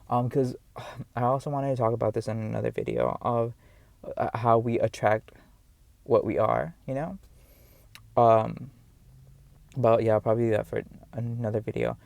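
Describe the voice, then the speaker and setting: A man with a noticeable accent speaks straight to camera in a casual motivational vlog, earnest and encouraging. His talk rambles, with frequent fillers and repeated phrases. His mid-range voice has a gravelly edge, recorded dry and close. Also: mid-range voice, steady tone, moderate pace, long pauses, darkish tone, dry recording. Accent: noticeable non-standard accent. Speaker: vlogger.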